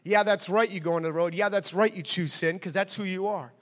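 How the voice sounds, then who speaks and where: A preacher voicing a sneering devil who mockingly taunts a sinner. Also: male voice, high-pitched, steady tone, brisk, a bit bright, in a large hall. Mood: taunting.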